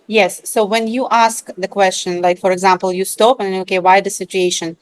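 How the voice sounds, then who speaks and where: A woman's voice: medium pitch, fairly even intonation, moderate pace, rough recording. Curious woman asking questions. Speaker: class participant. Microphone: video call.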